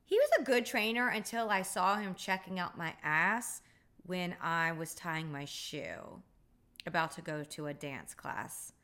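A woman's voice: on the low side, measured pace, bright, forceful tone. A woman hosting a podcast, telling wry, profane stories in a blunt, casual monologue. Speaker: podcast host.

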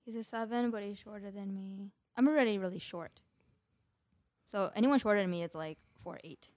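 A woman's voice: mid-range voice, normal speed, a little mellow, no room sound, studio quality. A young woman co-hosting a podcast in casual chat, hedging her thoughts with lots of filler words. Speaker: podcast co-host.

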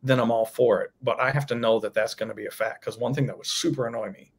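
Guest, male, gravelly and a bit raspy, loose easygoing explainer. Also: medium pitch, fairly even intonation, quick pace. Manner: thinks aloud, loose restarts. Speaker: toy designer guest. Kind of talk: casual interview chat.

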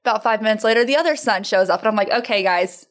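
A woman, a tea shop owner, telling lively stories in a podcast interview. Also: a little high, rapid-fire. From Texas.

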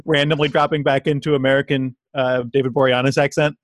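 A man's voice: medium pitch, little pitch movement, fast talker, no echo. Man, podcast host, casual joking chat, dry sound.

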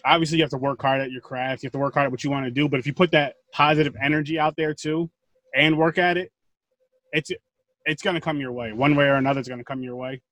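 A man's voice: medium pitch, steady tone, fast talker, a bit bright, no room sound. A man hosting a casual interview, encouraging his guest in long run-on thoughts. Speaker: interview host.

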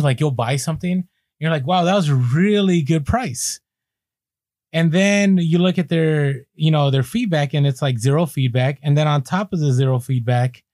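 A man's voice: fairly high pitch, no echo, clean studio sound. Chatty man telling resale stories. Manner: chatty storyteller, animated asides. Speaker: podcast co-host. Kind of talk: casual podcast chat.

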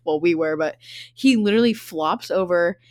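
A woman's voice: fairly low pitch, normal speed, dry recording, clean studio sound. A young woman in her twenties hosting a podcast, telling a rambling, profane story in casual chat and laughing often. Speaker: podcast host.

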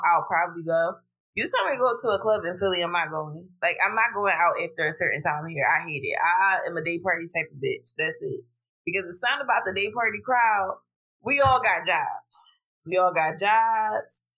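A woman hosting a podcast, telling a story in casual chat, animated and blunt, swearing freely. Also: poor audio. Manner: animated, profane, vents with rising pitch. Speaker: podcast host. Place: home podcast setup while streaming live.

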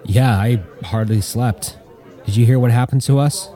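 A man voicing a calm, plain-spoken male crew leader. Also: mid-range voice, normal speed, some chatter behind, close to an everyday voice.

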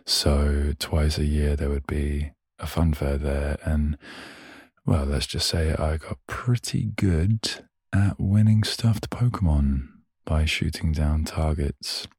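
A man's voice: rumbling low, takes it slowly, darkish tone, breathy edge, dry recording, studio quality. A young man hosting a solo podcast, rambling in a chatty, self-mocking way. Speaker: podcast host.

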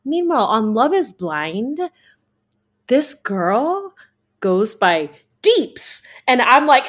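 A high-pitched woman in her forties, co-hosting a casual podcast chat. Her voice leaps all over the place as she tells animated, self-mocking stories and laughs along the way. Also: slow pace. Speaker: podcast co-host.

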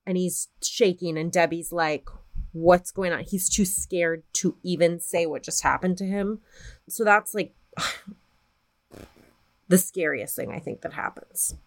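Low-voiced woman telling a spooky story. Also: measured pace. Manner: profane, animated retelling of a spooky story. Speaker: podcast co-host. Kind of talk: casual storytelling.

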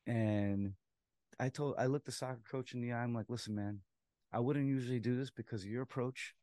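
Animated man telling an umpire story. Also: mid-range voice, fairly quick, no echo, studio quality. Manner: animated storyteller, laughs while acting out quotes. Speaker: softball umpire and podcast co-host. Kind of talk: casual storytelling chat.

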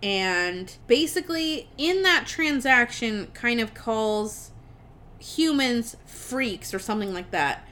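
Young woman podcast co-host, rambling casual movie recap, a touch high-voiced. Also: lively intonation, slow, pushed and bright. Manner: rambling, swearing, quoting characters in voices.

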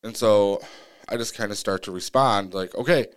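A man's voice: normal speed, clean tone. A man on a podcast telling a personal story in casual, earnest talk, acting out his own side of the exchange. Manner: animated retelling, acting out his own pleas in a higher voice; earnest, many restarts and fillers. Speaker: podcast co-host.

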